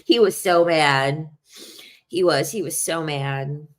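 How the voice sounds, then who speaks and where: A young adult woman telling personal stories in a casual, animated way, laughing often and acting out what people said. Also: low-pitched, slow. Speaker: video host. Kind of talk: casual storytelling.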